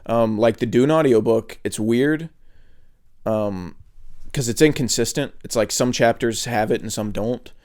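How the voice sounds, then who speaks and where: A man's voice: medium pitch, a little slow, a little mellow. A man co-hosting a podcast, talking in a casual, rambling way with lots of fillers and restarts. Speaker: podcast co-host. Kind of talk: casual chat.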